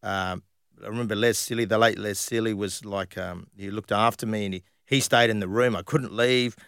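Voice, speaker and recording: Gravelly middle-aged man. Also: fairly low pitch, normal speed, no echo, clean studio sound. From Western Australia. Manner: animated anecdotes with frequent laughs and fillers. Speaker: guest, former footballer. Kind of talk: casual storytelling interview.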